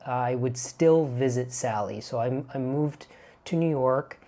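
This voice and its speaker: A man from Canada telling a personal story in a gentle, thoughtful way as a vlogger speaking to camera. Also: medium pitch, a little slow. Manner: gentle, thoughtful, softly fond.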